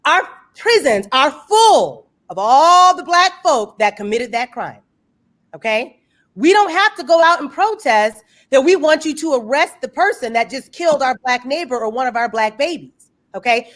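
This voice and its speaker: Woman host, high voice, very animated pitch, emphatic, preacherly, repeats for stress, video call. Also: normal speed. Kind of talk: impassioned discussion.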